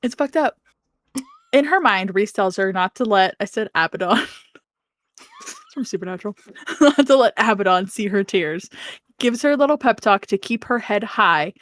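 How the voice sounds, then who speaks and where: A woman co-hosting a podcast, casually recapping a fantasy novel with animated storytelling, frequent laughs and playful swearing. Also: medium pitch, moderate pace, pauses often, no echo. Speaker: podcast co-host.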